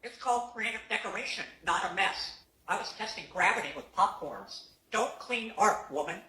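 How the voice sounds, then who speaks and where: A woman's voice: mid-range voice, lively intonation, moderate pace, sharp tone, slight background noise. A woman voicing a cheeky, wisecracking pet parrot that talks back indignantly. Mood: sassy. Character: cheeky sassy pet parrot, quick comebacks.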